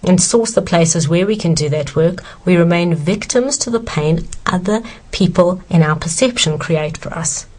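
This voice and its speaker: A woman's voice: on the low side, normal speed, few pauses, darkish tone. A woman author earnestly answering questions about self-esteem, emphatic and sincere.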